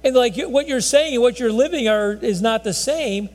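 A man's voice: extremely high pitch, normal speed, darkish tone. A man preaching a conversational sermon in a folksy, rambling way, often restarting his sentences. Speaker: pastor. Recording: long hall reverb.

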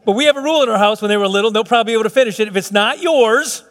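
A man's voice: high-pitched, rapid-fire, fairly bright tone, in a large hall. A middle-aged man preaching a sermon in church, conversational and playful, with frequent restarts and humorous asides. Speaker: pastor.

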